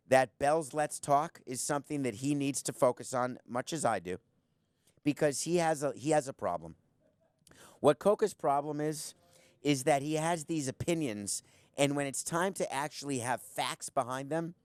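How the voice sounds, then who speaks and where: A man's voice: mid-range voice, no room sound. A middle-aged man hosting a sports talk show from a studio, giving combative opinions and teasing his producer. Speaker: sports podcast host. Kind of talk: opinionated sports commentary monologue.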